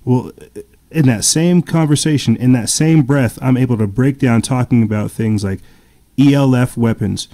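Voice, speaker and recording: A man's voice: medium pitch, moderate pace, dark tone. A man in casual podcast chat, talking in long rambling runs full of fillers and restarts.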